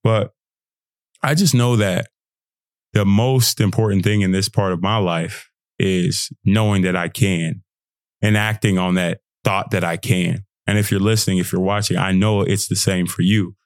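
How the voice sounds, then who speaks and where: A young man hosting a motivational podcast, talking casually with slang, laughing often and jumping into high mocking voices when he quotes people. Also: steady tone, measured pace, dry recording, clean studio sound. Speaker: podcast host. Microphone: podcast setup.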